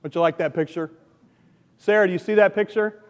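A male pastor preaching a sermon, swinging from loud emphatic questions to soft, hushed appeals. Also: high-pitched, fairly quick, long reverb tail.

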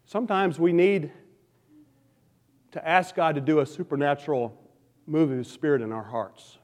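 Man, pastor, sermon, high voice, emphatic then hushed, long hall reverb. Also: normal speed, long pauses. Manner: preaching with wide swings between loud emphatic questions and soft hushed appeals.

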